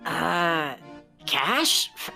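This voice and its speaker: A performer voicing a timid young male troll in a live fan dub, talking quickly and hesitantly. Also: medium pitch, animated, gravelly, bright, forceful tone, faint music behind, heavily acted. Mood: nervous.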